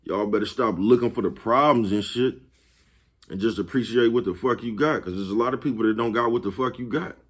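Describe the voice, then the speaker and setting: A brisk man with a fairly low pitch hosts his own vlog. It's an informal motivational monologue where he swears freely, chuckles often and keeps asking whether you follow him.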